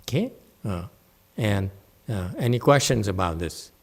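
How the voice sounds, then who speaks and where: A meditation teacher delivers a dharma talk to a class in a lowish, gravelly voice that swings widely in pitch. He takes his time, keeping things conversational and playful, and frequently checks in by asking "okay?"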